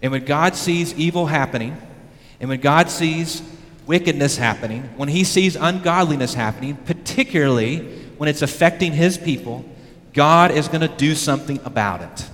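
A male pastor preaching a sermon emphatically, his voice swinging from loud peaks down to low, quiet lines. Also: normal speed. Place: church sanctuary. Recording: long reverb of a church hall.

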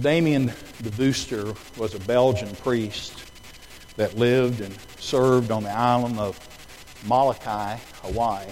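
A man preaching a sermon in a church auditorium, dropping to a hush for the story and then rising into loud, emphatic appeals. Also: mid-range voice, slight background noise, rough recording.

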